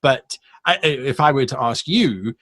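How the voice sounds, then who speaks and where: A man's voice: medium pitch, lively intonation, moderate pace, fairly bright tone, dry recording. Man, dry close sound. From South Africa. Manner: thoughtful, rambling with many restarts. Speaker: guest, game master YouTuber. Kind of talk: casual interview chat.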